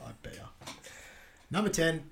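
A man's voice: fairly high pitch, very animated, unhurried, vocal fry, fairly bright tone, slight background noise. A man co-hosting a podcast, reading out quiz questions in a dry, teasing, laid-back way. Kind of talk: casual chat.

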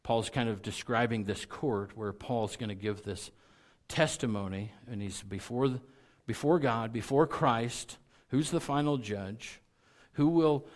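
A man preaching a sermon in an average-pitched voice, earnest and conversational, often restarting and repeating words. He swells to loud, emphatic peaks on key points, then sinks low and quiet as he cites chapter and verse. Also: measured pace. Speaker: pastor.

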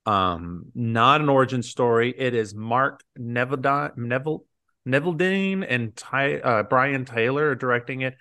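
An American man co-hosting a podcast recaps a movie in loose, wandering chat, acting out quotes and saying "like" a great deal. His mid-range voice is bright and forceful, and he takes his time.

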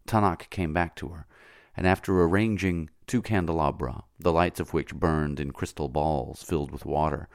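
Man, audiobook narrator, literary novel, very low voice, slow measured reading, dry close sound. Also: steady tone, vocal fry, no echo. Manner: slow, measured, often hushed.

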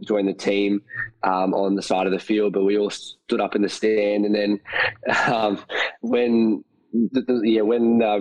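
A man's voice: fairly low pitch, poor audio. A young man, tired and losing his voice, telling a story in a casual interview with lots of fillers and laughs. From Australia. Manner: excited, laughing, many fillers and restarts. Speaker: guest, team staff member.

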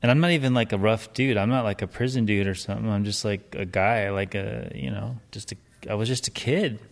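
A man's voice: lowish voice, fairly quick, gravelly, in a large hall. A man in casual chat, chiming in with laid-back questions and short remarks.

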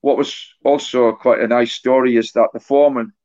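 In a dull, lo-fi recording, a man in his forties appears as an author guest and relates a story. He often repeats words and starts over, and his flat pitch hardly shifts.

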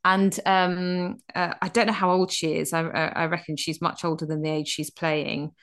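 A woman in her thirties co-hosting a casual radio chat, reviewing a film with animated, restart-filled storytelling. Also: fairly low pitch, moderate pace, smooth. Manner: chatty, animated, many restarts. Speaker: radio co-host.

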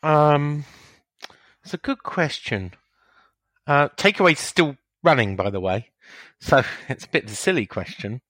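A man banters on a relaxed talk show, his voice sitting a little above the usual male range. He teases his co-host and keeps nudging the conversation forward. The sound is close and dry. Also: on the high side, no echo. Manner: teasing, quick to steer the chat along. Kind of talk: casual banter.

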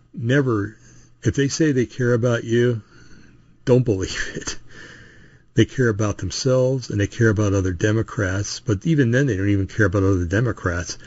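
A man's voice: on the low side, darkish tone, no room sound. A man hosting a show, talking in a casual, opinionated, rambling monologue with frequent asides and restarts. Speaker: podcast host. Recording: dull, dry lo-fi recording.

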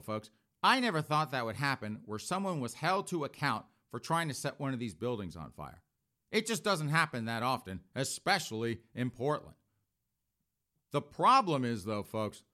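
Snarky commentator, fifties, animated up-and-down delivery, man. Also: mid-range voice. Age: 50s. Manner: sarcastic, keeps addressing "folks". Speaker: political commentator. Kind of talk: opinionated news commentary.

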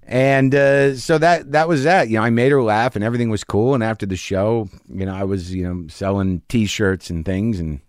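Male comedian, rural Missouri, animated podcast storyteller, quick and stumbling, dry close mic. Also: on the low side, clean tone, dry recording. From rural Missouri, United States. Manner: animated, acts out the people in his stories; rapid, with many restarts and repeated words. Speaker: comedian guest. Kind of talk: casual storytelling in a podcast interview.

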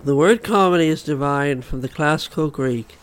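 A man co-hosting a comedy podcast, teasing his partner in a dry, deadpan way. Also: fairly high pitch, moderate pace, a little hiss or hum. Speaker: podcast co-host. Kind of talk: improvised comedy podcast banter.

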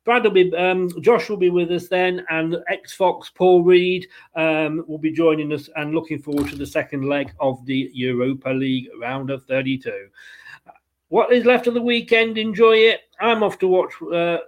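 A man with a high voice hosts a football podcast. He talks in an upbeat, chatty way with a laugh always close by. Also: steady tone, moderate pace. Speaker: podcast host. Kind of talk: casual football podcast chat.

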